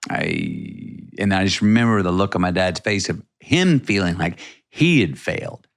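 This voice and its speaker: A man's voice: sits low, animated, normal speed, vocal fry. A middle-aged man from Texas, a podcast guest telling a personal story in a rambling, vivid way with many restarts.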